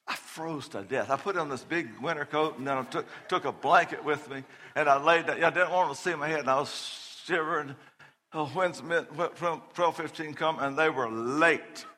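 Animated middle-aged pastor in echoey hall. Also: male voice, on the high side, moderate pace. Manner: animated, laughing, loud storytelling. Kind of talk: sermon with personal storytelling.

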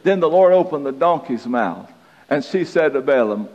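A man's voice: on the high side, expressive, normal speed, darkish tone. Folksy male preacher, chuckles at his own anecdotes; dull recording in a big echoing hall. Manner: folksy, self-deprecating, chuckles through anecdotes. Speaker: pastor. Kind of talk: sermon with personal storytelling.

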